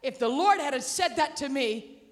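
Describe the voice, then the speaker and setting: A woman preaching a sermon, animated, acting out the voices of the story and calling out to the congregation. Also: high-pitched, unhurried. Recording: reverberant hall.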